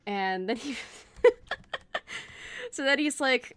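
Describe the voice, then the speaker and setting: A woman's voice: sits high, wildly swooping pitch, very slow, pauses often, smooth. A woman streamer chatting casually and rambling, laughing often, with faint game music playing behind. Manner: rambling, giggly, many fillers. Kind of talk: casual livestream chat. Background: faint background game music.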